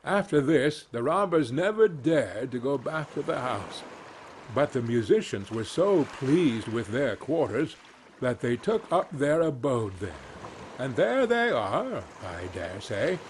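A man's voice: mid-range voice, very animated, slight background noise. A man narrating fairy tales as a soothing bedtime reading. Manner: slow, soothing storytelling. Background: faint ambient sounds.

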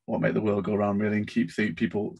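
A man's voice: lowish voice, fairly even intonation, quick pace, creaky, a little mellow, slightly rough. A man hosting a casual interview on a video call, talking hesitantly with many repeated words and laughing at himself. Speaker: interviewer, collectors group host.

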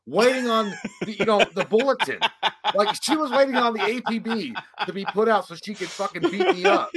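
A man in his thirties telling a rambling, profane story in casual chat and loudly acting out the other people's lines. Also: high-pitched, expressive, brisk, husky. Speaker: podcast co-host.

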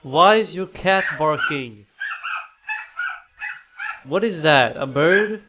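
A man's voice: fairly high pitch, animated, slow pace, lo-fi sound, heavy background noise. A man who makes gaming videos, chatting casually during a match and teasing and trolling his teammates in playful banter. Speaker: gaming YouTuber. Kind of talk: casual gameplay chat.

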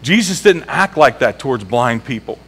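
A man's voice: mid-range voice, expressive, moderate pace, fairly bright tone, husky, poor audio. A male pastor preaching a sermon in a church, emphatic and repeating key phrases, asking the congregation questions. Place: church sanctuary.

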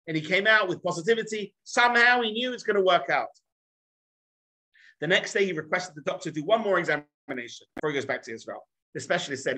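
A man teaching as a rabbi, telling stories in a high, bright voice. He acts out each quote as a short dialogue and keeps turning to his listeners with direct questions. The delivery is animated and conversational. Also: fast, poor audio. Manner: addresses listeners directly, asks the room questions. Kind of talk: storytelling lecture to a live group.

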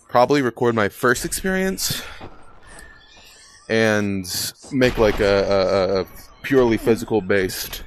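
A man's voice: fairly low pitch, a little hiss or hum. A young man giving casual, rambling gameplay commentary, swearing casually and poking fun at himself. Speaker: gaming video creator.

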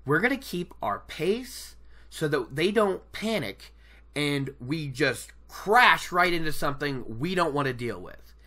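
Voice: mid-range voice, sing-song, a little slow, bright, forceful tone, exaggerated voice. A podcaster doing a composed, clever woman leader. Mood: reasoning. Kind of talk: podcast retelling with voices.

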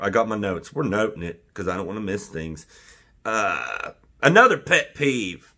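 A man vlogging in a casual, jokey rant to the camera, wandering off on tangents. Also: on the low side. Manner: animated, jokey, goes off on tangents.

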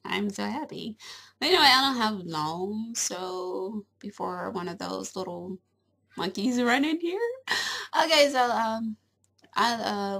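A woman's voice: mid-range voice, unhurried, gravelly, fairly bright tone. A young woman chatting casually to camera at home. She is giggly and rambling and fills her talk with little asides. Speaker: vlogger.

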